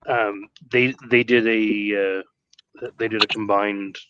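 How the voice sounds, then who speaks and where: A man with a fairly low voice explains things as a livestream guest, stumbling and restarting his sentences. His audio comes through dull and lo-fi. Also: flat delivery, background noise. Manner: halting, stammering restarts. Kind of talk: casual chat.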